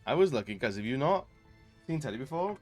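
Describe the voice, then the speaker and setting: A man's voice: medium pitch, sing-song, fast talker, soft background music. A man chatting casually on a live stream as a variety streamer, greeting viewers with frequent fillers. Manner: chatty, laughing, greets chat warmly, many fillers.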